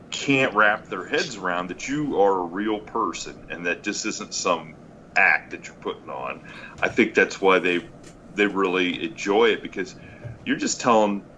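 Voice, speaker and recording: A man's voice: fairly low pitch, bright, forceful tone. A man hosting a casual podcast, laughing often and encouraging his guest. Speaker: podcast host. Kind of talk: casual chat. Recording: lo-fi with faint noise.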